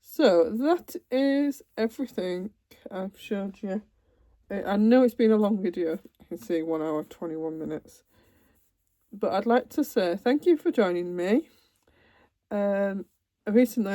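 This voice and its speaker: A woman's voice: mid-range voice, normal speed, warm tone, no echo. A woman vlogging at home, chatting casually as she unpacks a cross-stitch kit, with trailing asides. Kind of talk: casual chat while unboxing. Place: home, seated in a computer chair.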